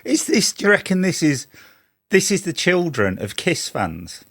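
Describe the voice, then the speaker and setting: A man's voice: fairly high pitch, sing-song, normal speed, a bit bright. A man co-hosting a podcast, making brief, dry remarks. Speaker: podcast co-host. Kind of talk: casual podcast chat.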